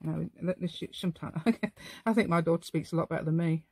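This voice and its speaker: A woman's voice: low voice, little pitch movement, a little fast, a little mellow, slightly rough, no room sound. Chatty woman, rambling craft talk. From England. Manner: rambling, chatty, talks to herself while working. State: tired. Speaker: craft channel host. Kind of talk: casual crafting tutorial chat.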